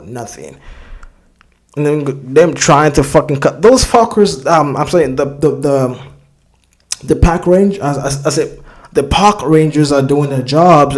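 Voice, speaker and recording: A man hosting a reaction video, talking casually and rambling, swearing a lot and often searching for words. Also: mid-range voice.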